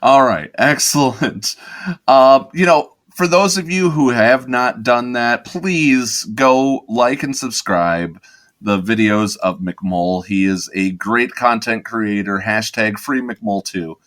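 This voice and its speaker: A male podcast co-host in easygoing chat, cheerful and prone to laughter. He restarts phrases as he goes, with a voice of ordinary pitch for a man. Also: a bit bright. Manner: upbeat, laughs often, halting restarts.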